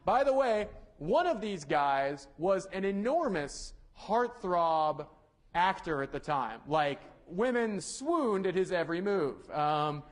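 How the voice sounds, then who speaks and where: A young male lecturer with a fairly high voice talks through a university class in a loose, rambling way. He corrects himself often, fills pauses with ums and uhs, and tosses joking asides to the students. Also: sing-song. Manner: casual, rambling, self-correcting with many fillers. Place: lecture hall.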